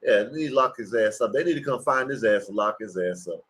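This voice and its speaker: A man's voice: fairly low pitch, animated, fast talker, fairly bright tone, slightly rough. A man hosting a livestream, giving rambling, crude, mocking reactions to clips. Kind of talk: casual profane reaction commentary.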